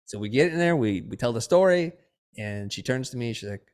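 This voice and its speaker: Middle-aged male guest, animated storyteller acting out dialogue. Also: mid-range voice, fairly quick. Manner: lively storyteller who acts out quoted dialogue. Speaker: podcast guest, designer and educator.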